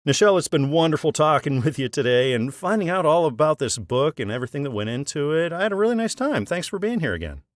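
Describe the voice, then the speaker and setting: A man's voice: a little high, very animated, fast, hardly any pauses, no echo, studio quality. A man hosting an author interview, encouraging and friendly, laughing along with his guest. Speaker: podcast host.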